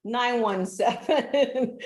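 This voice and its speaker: A woman's voice: a little high, extremely slow. Chatty woman live-streaming in an echoey room. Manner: chatty, laughing, easily sidetracked. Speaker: livestream host. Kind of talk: casual live stream chat. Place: relative's house.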